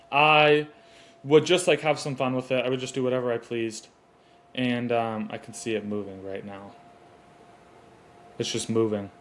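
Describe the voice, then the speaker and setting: A man hosting his own podcast, giving motivational talk and chatting casually while fixing his mic stand. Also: medium pitch. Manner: earnest, rambling, fixes gear mid-recording. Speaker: podcast host. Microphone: desk mic on a stand.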